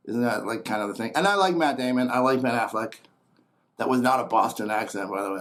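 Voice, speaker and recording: A man's voice: medium pitch, expressive, quick pace. A man rambling through a casual comedic monologue, blunt and opinionated, trailing into muttered asides. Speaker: host.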